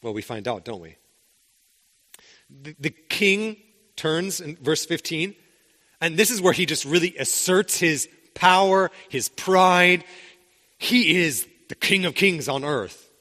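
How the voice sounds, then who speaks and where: Animated preacher in a reverberant hall. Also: male voice, fairly high pitch, slow. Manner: conversational, rhetorical questions, frequent restarts. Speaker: pastor. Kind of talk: sermon.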